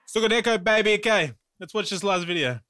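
A man with a high voice hosts a live stream. His tone is bright and sharp, and he groans, swears and exclaims at what he watches. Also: animated, fast talker.

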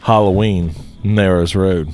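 A man's voice: low-pitched, steady tone, slow, a little mellow, soft background music. A man, co-hosting a podcast in a laid-back casual chat, often answering with short agreements. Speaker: podcast co-host.

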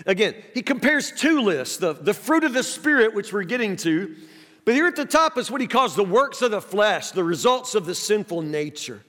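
High-voiced male pastor preaching in a reverberant hall. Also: very animated, moderate pace, fairly bright tone. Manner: conversational preaching with frequent restarts and direct questions to the congregation. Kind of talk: sermon.

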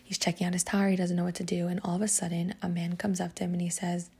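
A woman's voice: lowish voice, flat delivery, quick pace, creaky, mellow, slightly rough. A woman hosting a podcast lesson, telling a story in a chatty, casual way full of "like" and "um.". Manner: chatty, filler-heavy, lots of "like" and "um". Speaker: podcast host teaching Psalms.

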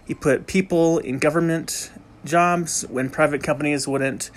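A man's voice: on the high side, steady tone, unhurried. A man giving a casual, unscripted history explainer, rambling and joking with frequent restarts and self-corrections. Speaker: amateur history presenter.

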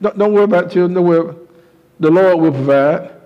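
A man preaching, voicing a weary, poor mother who prays through tears, halting and stammering. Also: high-pitched, smooth, big-room sound, highs cut off, pitched below the performer's own voice, natural voice. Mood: gently soothing.

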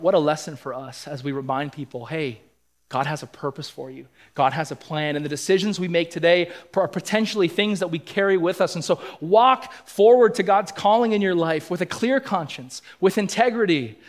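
A man preaching a sermon in a church, earnest and emphatic, acting out quoted lines as he goes. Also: fairly high pitch. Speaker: pastor. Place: church sanctuary.

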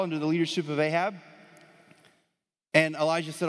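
A man preaching a sermon as pastor, animated, swinging between soft and loud emphasis, in a church with a live audience. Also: fairly high pitch, a little fast, long pauses. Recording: long hall reverb.

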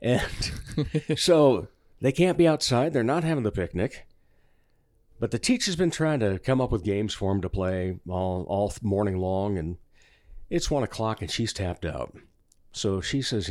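A man, a radio guest, telling a long joke in casual studio chat, with quick spelling patter and frequent laughs. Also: lowish voice, dry recording. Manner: animated storyteller, rapid spelling patter, laughs often. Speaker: guest performer and podcaster. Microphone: studio microphone.

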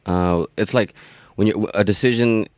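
Deep-voiced man musing on a podcast. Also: normal speed, a little mellow, dry recording. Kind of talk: casual podcast conversation.

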